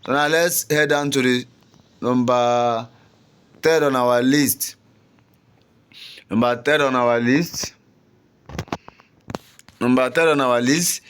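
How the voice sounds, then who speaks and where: A man's voice: on the high side, takes it slowly, pauses often, a bit bright, a little hiss or hum. A young man tutoring exam students in a casual, repetitive way, often checking in with "you understand?".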